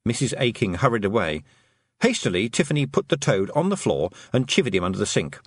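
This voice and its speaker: Male audiobook narrator, husky, animated delivery, dry booth. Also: lowish voice, brisk, no echo. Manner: lively, expressive storytelling.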